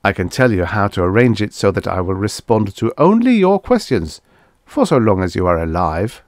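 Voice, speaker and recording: A man voicing a calm, formal alien oracle machine that speaks in measured, unhurried sentences. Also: fairly low pitch, no echo, studio quality.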